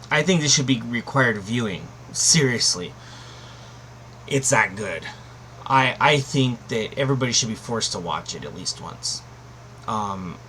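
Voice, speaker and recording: A man's voice: medium pitch, a bit bright, a little hiss or hum. Rambling, emphatic man reviewing a film. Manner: rambling and emphatic, many fillers and restarts. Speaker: anime reviewer. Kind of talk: casual spoken review.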